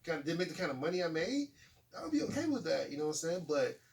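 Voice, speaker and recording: A man in his forties chats as the host of a casual talk show. His voice sits a little high for a man, and he sounds set back from the microphone. He tells his stories with energy, laughs, and acts out quotes in different voices. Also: racing, creaky, recorded from a distance. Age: 40s. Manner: animated, laughing storyteller acting out quotes. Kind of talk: casual chat.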